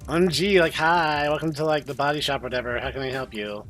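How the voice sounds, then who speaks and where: A man's voice: a little high, fairly even intonation, fast talker, fairly bright tone, soft background music, close to an everyday voice. A man voicing a ditzy valley-girl young female shop clerk, drawling with lots of "like" in a game playthrough. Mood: bubbly. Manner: airy, drawling with filler "like".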